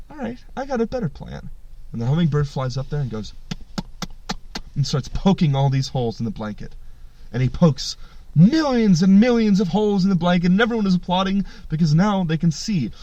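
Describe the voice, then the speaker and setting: A man's voice: on the high side, fairly quick, highs cut off. A man hosting a podcast, telling a story in casual chat with lots of swearing. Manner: animated, swearing, jumps into voices. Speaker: podcast host.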